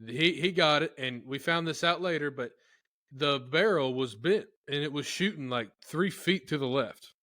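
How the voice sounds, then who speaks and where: A man's voice: a little high, bright, forceful tone, no room sound, studio quality. A man, co-hosting a hunting podcast and chatting casually with his friend. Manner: friendly backchanneling, quick to laugh along. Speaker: podcast co-host.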